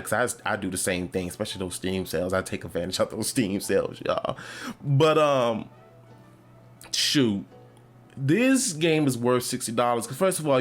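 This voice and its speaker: A man hosting his own podcast, chatting casually and rambling about a video game, with lots of fillers and restarts. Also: mid-range voice. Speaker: podcast host. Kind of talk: casual gaming chat.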